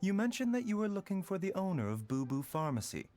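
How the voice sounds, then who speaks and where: A man voicing a calm, courteous doctor in a video game, overly polite in a way that sounds sarcastic. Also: sits high, quick pace, faint music behind.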